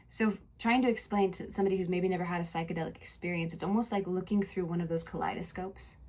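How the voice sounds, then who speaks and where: Soft-spoken reflective woman podcaster. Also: medium pitch. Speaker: podcast host. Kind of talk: mix of reflective spoken narration and casual chat.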